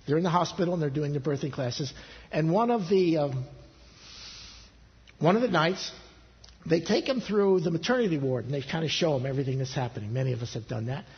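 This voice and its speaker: A man preaching a sermon as pastor, earnest, his pitch rising on pleading questions and dropping low and soft for intimate appeals. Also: a little fast. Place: church sanctuary. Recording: husky voice in a long-reverb church hall, dull lo-fi sound.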